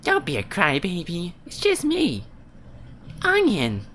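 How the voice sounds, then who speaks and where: A man voicing a creepy, cutesy little game creature in a high, squeaky, gravelly put-on voice that drags out its sweet words. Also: huge pitch swings, slow pace, fairly bright tone, slight background noise, heavily acted. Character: creepy sing-song small creature called Onion, cutesy.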